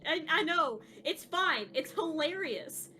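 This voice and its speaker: A woman streamer chatting with friends on a call, animated and dramatic, with plenty of swearing. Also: very high voice, slow. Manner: profane, animated, dramatic complaining. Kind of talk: casual chat with friends on a call. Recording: noisy streamed voice.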